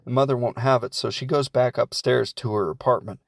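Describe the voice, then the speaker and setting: A young man casually recapping a film plot in a rambling comedic way, slipping into quick asides for the characters. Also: medium pitch, vocal fry, dry recording, clean studio sound.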